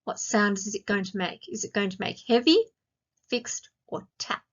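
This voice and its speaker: An Australian woman teaching a grammar lesson to young children, speaking slowly and clearly and asking lots of questions. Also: mid-range voice, fairly even intonation. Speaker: primary school teacher. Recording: dull lo-fi sound.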